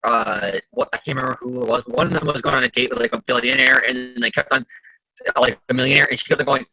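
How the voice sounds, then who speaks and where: A man co-hosting a casual comic review, excitable and profane, quick to rant. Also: medium pitch, vocal fry, no echo, rough recording. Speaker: podcast co-host.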